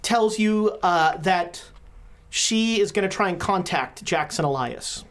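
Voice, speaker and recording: A woman's voice: fairly low pitch, expressive, slow. Chatty woman game master. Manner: chatty, joking asides. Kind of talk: running a tabletop horror game.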